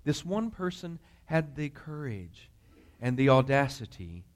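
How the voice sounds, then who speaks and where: A man's voice: medium pitch, big pitch swings, measured pace. A man preaching as pastor, telling a story in a conversational way with many fillers and putting questions to the congregation. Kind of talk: storytelling sermon.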